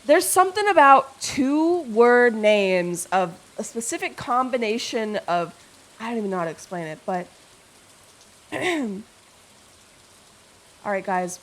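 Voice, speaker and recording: A young woman streamer chatting casually with her chat, playful and rambling, swearing freely and reading messages aloud. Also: mid-range voice.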